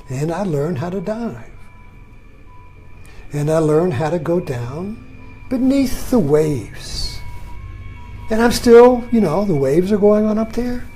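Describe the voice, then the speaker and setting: A man giving a reflective spiritual talk, asking rhetorical questions and chuckling softly as he explains. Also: high-pitched. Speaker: spiritual teacher.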